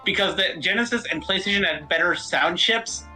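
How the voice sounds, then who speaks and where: A woman's voice: on the low side, normal speed, bright, forceful tone, faint music behind, rough recording. A woman streaming a game, chatting casually and explaining things knowledgeably.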